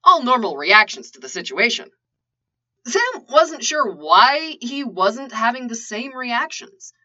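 A woman's voice: on the high side, very animated, slow pace, pushed and bright. A woman narrating a story in a playful way with joking asides, in a lo-fi recording. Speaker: reader. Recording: lo-fi dull recording.

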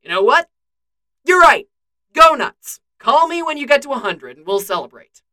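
A woman's voice: sits high, sing-song, fairly quick, pitched above the performer's own voice. A woman voicing a flustered, blunt young male soldier given to exasperated outbursts.

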